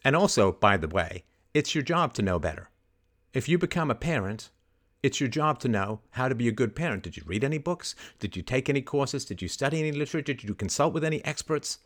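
Man, host, indignant, forceful, rhetorical questions, average pitch. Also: expressive. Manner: argues in rapid rhetorical questions. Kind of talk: call-in advice show, role-playing a confrontation.

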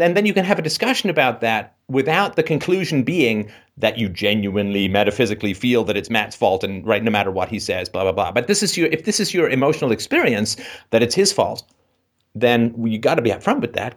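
A man's voice: on the low side, expressive, a little fast. A man hosting a call-in advice show, asking probing questions and talking in long runs that he keeps punctuating with "right?".

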